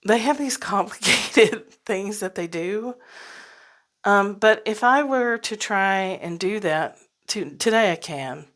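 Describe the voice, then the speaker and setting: A woman's voice: medium pitch, lively intonation, slow, a bit bright. A woman hosting a solo podcast, talking casually and reflectively, laughing often and dropping into whispered asides. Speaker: podcast host.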